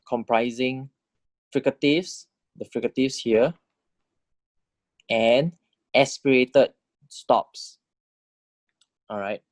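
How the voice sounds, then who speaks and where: A man's voice: mid-range voice, darkish tone, no room sound. Guy giving a recorded lecture, dry close sound, medium voice, keeps asking "right?". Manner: explains patiently, often checks with "right?". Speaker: language teacher.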